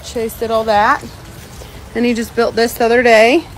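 A woman chatting excitedly in a casual vlog, gushing and upbeat, filmed on a phone indoors and outdoors. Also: fairly high pitch, moderate pace, a little hiss or hum, rough recording. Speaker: vlogger.

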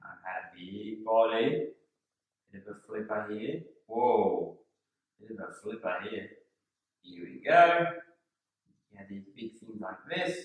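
A man's voice: lowish voice, unhurried, long pauses. A man, a kindergarten teacher telling a story to young children and acting out gasps and voices. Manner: animated, acts out voices and gasps. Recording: echoey room from far off.

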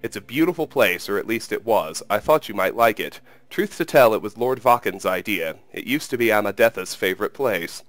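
A man's voice: fairly low pitch, lively intonation, a little fast, few pauses, fairly bright tone, no echo. A man reading aloud who voices an aging, grief-stricken king in a sad, heavy delivery. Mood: grieving.

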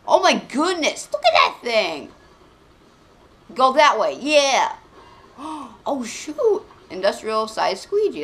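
An excitable woman commentating her own gameplay, her pitch leaping up and down as she yelps at near misses and then drops to low mutters. She talks into a desk mic, with a faint hiss of room noise under her voice. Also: vocal fry. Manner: excitable, exclaims often, swings between loud outbursts and quiet mutters. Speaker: gaming channel host. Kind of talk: let's play commentary.

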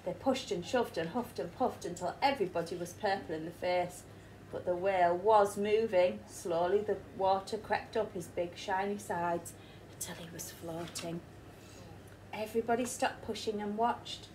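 A woman's voice: medium pitch, normal speed, darkish tone, a little hiss or hum, poor audio. English woman teacher reading aloud. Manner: asks the listening children questions. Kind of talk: storybook read-aloud.

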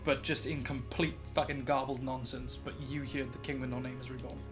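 A man with a British accent narrating as dungeon master, quick and animated, laughing often. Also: medium pitch, over music. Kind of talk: narrating a tabletop game.

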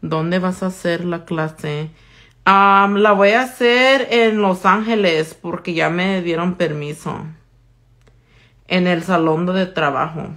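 Slow, laid-back woman. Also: lowish voice, a bit bright. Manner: casual, swears freely, switches between English and Spanish. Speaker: nail artist. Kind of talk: live-streamed tutorial, chatting with viewers.

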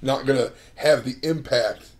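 A man's voice: mid-range voice, a little slow, a little mellow. A man co-hosting a podcast, chatting casually as an agreeable listener. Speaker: podcast co-host. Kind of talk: casual chat.

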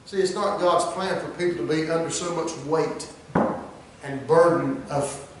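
A man preaching a sermon as pastor, swinging between loud high cries and low hushed asides. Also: measured pace, slight background noise. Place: church. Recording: echoey church room miked from far off.

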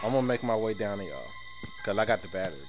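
A man talking live to his teammates while gaming, excitable and panicky, joking and swearing a lot. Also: on the low side, rapid-fire. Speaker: gamer. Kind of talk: live gameplay chat with teammates. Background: game music.

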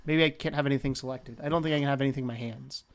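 A man's voice: medium pitch, steady tone, very fast. A man in his twenties hosting a let's play, thinking aloud in rambling sentences and chuckling often. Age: 20s. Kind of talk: casual gameplay commentary.

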